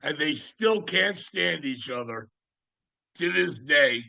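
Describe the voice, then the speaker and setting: Gravelly older man telling rambling stories. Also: fairly high pitch, lively intonation, slow pace, sharp tone, no room sound. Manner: rambling, with many fillers and restarts. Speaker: guest, music writer. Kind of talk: casual anecdotal storytelling.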